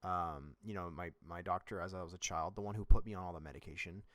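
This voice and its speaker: A man's voice: low-pitched, quick pace, a bit bright, no room sound. A young man hosting a podcast, telling a personal story in a blunt, rambling and profane way. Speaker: podcast host.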